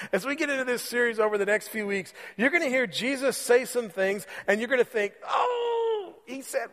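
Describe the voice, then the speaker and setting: A man preaching a sermon as pastor, conversational and repeating phrases for emphasis, slowing on key words. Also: very high-pitched, in a large hall. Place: church sanctuary.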